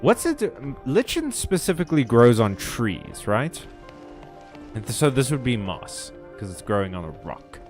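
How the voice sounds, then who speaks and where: A man's voice: mid-range voice, big pitch swings, measured pace, faint music behind. Let's play host, man, casual jokey gameplay commentary, sarcastic asides.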